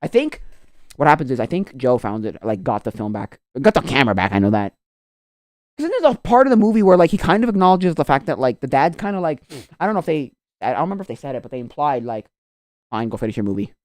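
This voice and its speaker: Animated woman streamer ranting. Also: sits low, fast, no echo. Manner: animated, ranting with slang and filler. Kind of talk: casual chat.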